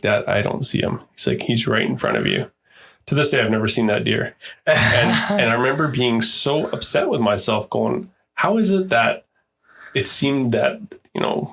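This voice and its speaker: Middle-aged male guest, gravelly and slightly low, casual storyteller who stumbles and repeats himself. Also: fairly bright tone. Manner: repeats words while telling stories. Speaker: podcast guest.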